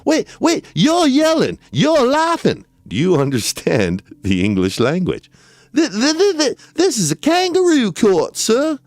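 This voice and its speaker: A crude, defiant defendant , as a man reads him out, yells and taunts in a high, strained voice that leaps up and down. His lines are drawled out slowly. The sound is dry and close, in a dramatic reading of a trial transcript. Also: wildly swooping pitch, dry recording, heavily acted. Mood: mocking. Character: loud defiant male defendant in court.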